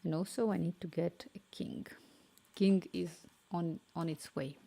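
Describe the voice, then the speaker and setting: Woman, casual home livestream, gravelly low voice, murmurs to herself. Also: unhurried, mellow. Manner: thinks aloud, murmurs and whispers to herself while working. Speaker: live-streaming developer. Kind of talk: casual livestream chat while coding.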